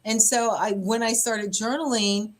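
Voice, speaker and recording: A woman pastor hosting a podcast, telling a personal story in an open, animated way, often laughing and acting out what others said. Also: fairly high pitch, a little slow.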